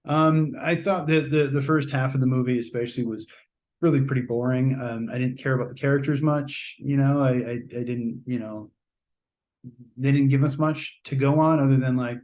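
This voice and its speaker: An American man in casual review mode, talking through a movie he saw. His voice sits at an ordinary middle pitch, and he rambles a little, restarting sentences and dropping fillers along the way. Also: steady tone, moderate pace, a little mellow. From United States. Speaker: podcast host reviewing a film.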